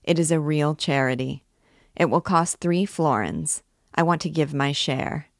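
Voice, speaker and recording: A woman's voice: low voice, a little slow, no echo, clean studio sound. A woman reading aloud and voicing a coaxing, impudent young male student. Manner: coaxing, then pleading.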